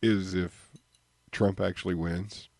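A man hosts a poetry radio show, with a fairly low voice. He chats with callers and co-hosts in an easygoing, joking way. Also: fairly even intonation, slow pace, creaky, a little mellow, no echo. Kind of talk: casual radio chat.

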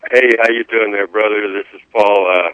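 A man's voice: fairly low pitch, fairly even intonation, moderate pace, fairly bright tone, no echo. A man calling in to a radio show, chatting folksily and then reading his own poem. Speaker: caller. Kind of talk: reading a poem over the phone. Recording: tinny phone line.

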